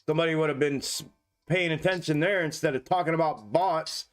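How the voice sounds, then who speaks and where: A man hosting a casual stock market livestream, talking to his viewers, cursing freely and getting excitable over price moves. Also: a little high, a little fast. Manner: profane, excitable, talks to viewers as "y'all". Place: home desk setup.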